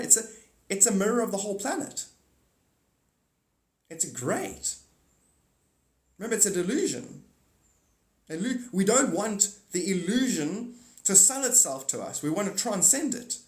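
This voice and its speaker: A man hosting a live stream, talking in a rambling monologue, animated and swinging between loud outbursts and muttered asides. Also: a little high, reverberant.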